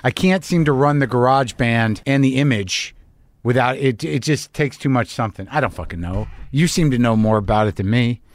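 A man's voice: medium pitch, fairly quick. A man hosting a podcast, riffing in a rambling, anxious, profane and self-mocking way before chatting with a guest. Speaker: podcast host. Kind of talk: comedic monologue and casual chat.

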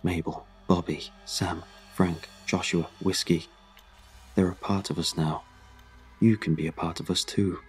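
A man voicing the low, hushed message of a many-bodied creature luring people underground in a horror story. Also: steady tone, unhurried, faint music behind. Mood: ominous coaxing.

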